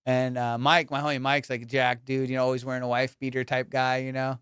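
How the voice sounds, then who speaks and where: A male comedian hosting a podcast, telling high school stories in a slangy, animated way and acting out the people in them. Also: a little fast, clear, resonant tone, dry recording, clean studio sound. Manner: slangy, animated, acts out quoted voices. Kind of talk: casual storytelling.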